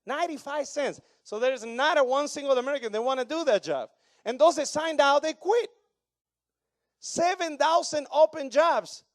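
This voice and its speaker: A man in his thirties from Argentina, preaching a sermon with an Argentine Spanish accent in broken English, animated and joking with the congregation. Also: very high voice, dry recording, studio quality. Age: 30s. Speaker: pastor.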